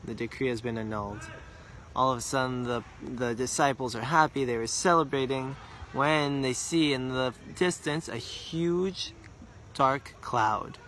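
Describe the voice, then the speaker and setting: A man telling a religious story earnestly, repeating words for emphasis and slowing down on details. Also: mid-range voice, a bit bright, a little hiss or hum.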